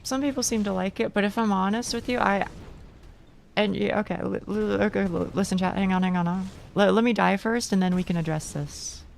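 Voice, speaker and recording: Gravelly-voiced woman streamer chatting. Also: medium pitch, brisk, a little hiss or hum. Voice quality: gravelly, gruff voice. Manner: rambling, self-interrupting, laughs often. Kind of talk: casual chat while gaming.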